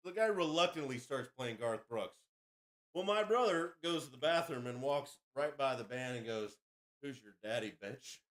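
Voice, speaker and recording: Crude, animated male podcast storyteller. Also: mid-range voice, normal speed. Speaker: podcast host. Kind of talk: casual storytelling.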